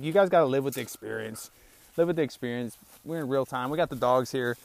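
A young man talks through his day on his own podcast, rambling and open, tossing in "bro" and "man" as he goes. He is a little out of breath. His voice sits at an ordinary pitch and is recorded dry and close. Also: fast, vocal fry, no room sound. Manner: rambling, candid, calls listeners "bro" and "man". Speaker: podcast host. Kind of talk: casual solo podcast talk. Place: small outdoor hideout on rural land.

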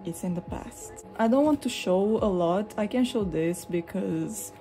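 A young woman from Europe chatting casually at home while showing her collection, rambling and expressive, slipping into animated retellings. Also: medium pitch, unhurried, soft background music. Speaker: vlogger. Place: hot room at home with a fan running.

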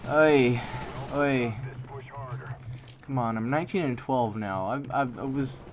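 A young man giving live gameplay commentary, excitable and frustrated, with sudden exclamations and muttered asides. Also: mid-range voice, slow, a little hiss or hum. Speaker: gaming commentator. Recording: game gunfire behind voice.

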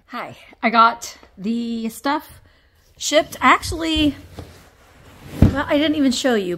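A woman reselling antiques, chatting casually to viewers as she unboxes finds on camera, easily excited and talking to the objects. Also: high-pitched. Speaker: antique reseller and shop owner. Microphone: camera on a tripod.

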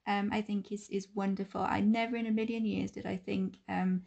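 A woman's voice: medium pitch, flat delivery, fairly quick, creaky, a little mellow, highs cut off. A woman co-hosting a podcast, chatting in a casual, friendly and encouraging way. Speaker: podcast co-host.

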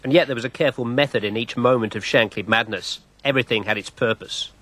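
Measured male documentary narrator. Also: mid-range voice, sharp tone. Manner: measured dramatic delivery. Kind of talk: scripted narration.

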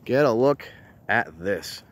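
A man's voice: mid-range voice, animated, takes it slowly, a little hiss or hum. A man hosting a casual walk-and-talk vlog outdoors on top of a quarry, chatty and enthusiastic, rambling as he goes. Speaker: vlogger exploring abandoned sites.

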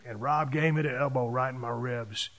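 A man, hosting a podcast and telling stories from his past in a casual monologue, hitting key words with sudden louder bursts. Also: mid-range voice, normal speed. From Texas. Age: 50s. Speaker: podcast host.

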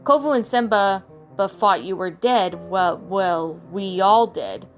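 Storybook young lioness, loyal sister with a sharp tongue, read by a woman, soft music behind. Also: medium pitch, slow. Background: soft background music.

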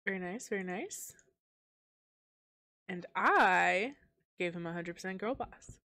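Animated, laughing woman podcaster. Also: lowish voice, a little slow, no echo. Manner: laughs often, reads chat comments aloud, agreeable. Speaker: podcast co-host. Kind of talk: casual book-club chat on a livestream.

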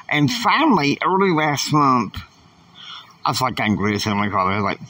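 Earnest male podcast host, husky, emphatic, a bit off-mic. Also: medium pitch, big pitch swings, normal speed, pushed and bright, dry recording, far from the mic, rough recording. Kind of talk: faith-based motivational monologue.

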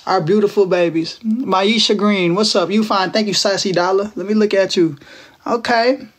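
Young guy from Texas, high pitched, playful slangy livestream banter, talking into his phone. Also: fairly even intonation, moderate pace, fairly bright tone. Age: 20s. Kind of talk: casual live-stream chat with viewers.

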